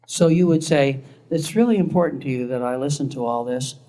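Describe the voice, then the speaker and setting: A man's voice: mid-range voice, a little fast, dark tone. An older man giving a recorded classroom lecture in a conversational way, chuckling often.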